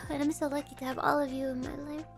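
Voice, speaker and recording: Very high-pitched bubbly woman streamer. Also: level tone, quick pace, music in the background. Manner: bubbly, playful, openly emotional. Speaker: streamer celebrating her birthday. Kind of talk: casual live-stream chat.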